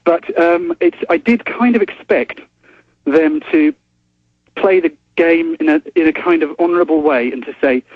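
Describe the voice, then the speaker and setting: Brief: polite, hesitant English caller, slightly high voice, dull dry phone line. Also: male voice, normal speed, breathy edge, no room sound. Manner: hesitant, polite, stammering restarts. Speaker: journalist calling in as guest. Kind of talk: phone-in interview. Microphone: telephone.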